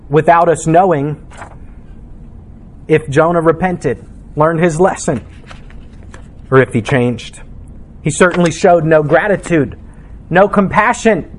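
A man's voice: a little high, takes it slowly, pauses often. A man preaching a sermon as pastor, reading scripture and explaining it with emphatic delivery.

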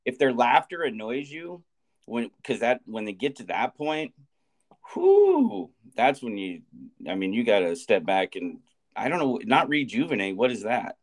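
A man's voice: mid-range voice, sing-song, unhurried. A man in his forties, a teacher co-hosting a podcast, telling a rambling story with restarts and frequent laughter. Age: 40s. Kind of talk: casual chat.

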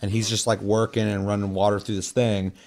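A young man with a fairly low voice talks casually on a podcast. He rambles through his stories, swears freely and leans on filler words. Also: level tone, brisk, a little mellow. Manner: rambling, profane storytelling with many fillers. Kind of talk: casual chat.

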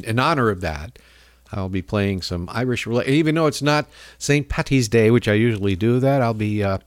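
A male radio host delivering a loose, sardonic monologue, often chuckling to himself. His pitch swings lively up and down. The sound is dry and close. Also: no echo. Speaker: radio talk show host.

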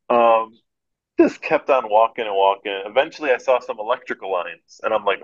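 A man from Michigan telling a story as a podcast guest, animated and laughing, acting out the voices of the people in it. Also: mid-range voice, normal speed, highs cut off. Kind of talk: casual storytelling.

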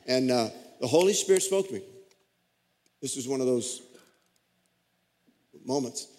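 A man's voice: medium pitch, lively intonation, a little slow, a little mellow. A middle-aged man, a pastor preaching a sermon and telling a story with folksy, self-deprecating humor. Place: church sanctuary. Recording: long church reverb.

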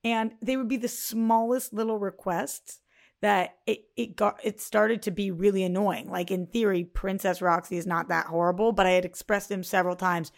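A woman's voice: medium pitch, steady tone, moderate pace, gravelly. A woman co-hosting a podcast, telling personal relationship stories in an earnest, explanatory way. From Boston. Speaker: podcast co-host. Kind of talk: casual podcast chat.

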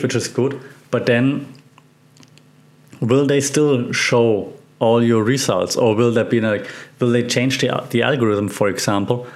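A man hosting a solo podcast, commenting on media news in a casual, rambling way with many fillers and restarts. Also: medium pitch. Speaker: podcast host.

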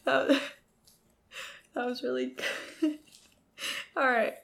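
Giggly young woman with a gravelly voice. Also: high-pitched, steady tone, slow, a bit bright. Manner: giggly, chatty, rambling. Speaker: podcast co-host. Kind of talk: casual chat. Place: bedroom.

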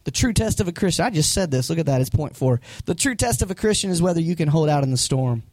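A man preaching a sermon as pastor, animated and acting out voices from the story. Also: on the high side, fast, no room sound.

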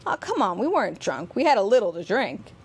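A woman's voice: medium pitch, sing-song, brisk, slightly rough, full character voice. A woman reading aloud, voicing a defiant young male activist who protests and presses questions.

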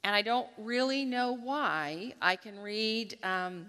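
A woman giving a devotional talk at a church gathering, telling a lively personal story and acting out her own thoughts as she goes. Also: medium pitch, slow pace, clean tone. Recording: long hall reverb.

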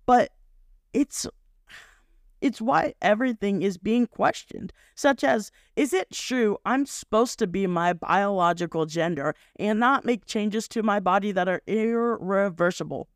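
A man's voice: high-pitched, unhurried, dry recording, clean studio sound. A young man hosting a faith podcast, talking in a rambling, earnest way and often correcting himself. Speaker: podcast host. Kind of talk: casual devotional podcast talk.

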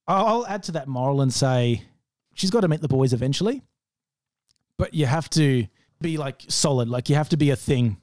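A young man hosting a podcast in casual chat, excitable and laughing often, calling people mate and bro. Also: mid-range voice, normal speed, no room sound, studio quality. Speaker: podcast host.

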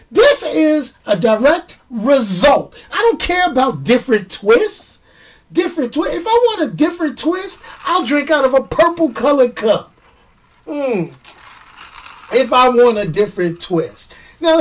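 A middle-aged woman hosting a movie show, ranting in animated, slangy film commentary and stretching words for emphasis. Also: a little high, distant mic.

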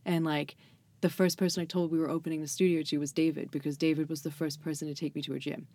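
A woman's voice: sits low, little pitch movement, fast, darkish tone. A young adult woman in casual podcast chat, telling stories full of fillers and swearing and laughing often. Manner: filler-heavy storytelling, says "like" constantly, swears, laughs often. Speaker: guest.

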